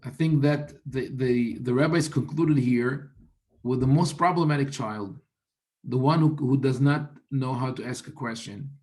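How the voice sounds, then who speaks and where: Rabbi guy explaining texts, thinks out loud, lots of restarts, mid pitch. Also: unhurried. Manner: thoughtful, many restarts and Hebrew quotations. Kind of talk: explanatory Torah teaching.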